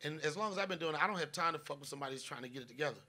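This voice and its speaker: Bright-toned animated male comedian host. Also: a little high, rapid-fire. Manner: animated, profane, interrupts himself, acts out quotes. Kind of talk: casual live podcast chat. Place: live audience show.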